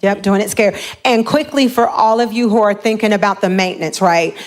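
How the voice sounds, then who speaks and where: A woman giving a lively motivational seminar talk on home buying, often acting out the voices of the people she quotes. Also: mid-range voice, a little fast.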